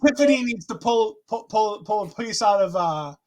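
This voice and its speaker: A man's voice: sits high, lively intonation, moderate pace. A man co-hosting a casual wrestling chat show, joking with sarcastic mock outrage. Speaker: wrestling podcast co-host.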